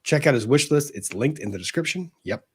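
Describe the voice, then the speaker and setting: A man's voice: medium pitch, lively intonation, brisk, a bit bright, slightly rough. A man hosting a casual livestream, earnestly thanking viewers as he reads out their super chats.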